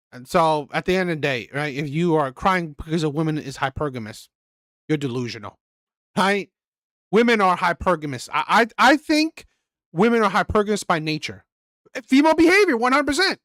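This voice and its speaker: A man's voice: high voice, a bit bright, no echo, studio quality. A man hosting a reaction channel, talking casually in a rambling way, repeating words and asking "right?" often.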